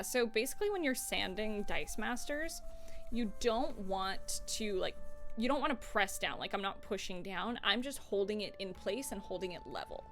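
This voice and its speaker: Young woman streamer chatting at her desk, playful and sweary, mid pitch, quiet music in the back. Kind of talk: casual livestream chat while crafting. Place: home desk.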